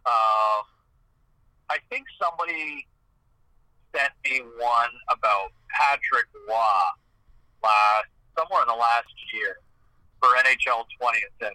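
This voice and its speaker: This is a hockey game commentator from Eastern Ontario, Canada, with a mid-range voice, speaking at a measured pace and pausing often. He tells stories animatedly in a casual chat, packed with "like" and restarts. The recording is dry and rough.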